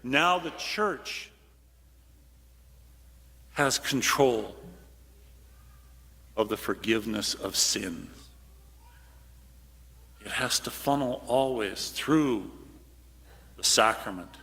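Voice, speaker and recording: A man preaching a lively homily as a priest, switching to hushed voices for quotes and sometimes calling out loud. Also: mid-range voice, drawn-out words, pauses often, long reverb tail. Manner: animated, acts out quotes in hushed voices, sudden shout. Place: large church.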